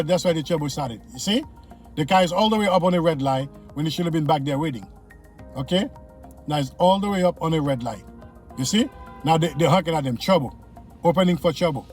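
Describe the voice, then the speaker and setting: A man's voice: on the high side, a little mellow. A man, a driving instructor, talking viewers through city traffic from inside his car, repeating his points and checking they follow. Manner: repetitive, coaching, speaks straight to viewers. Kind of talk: casual in-car driving lesson commentary.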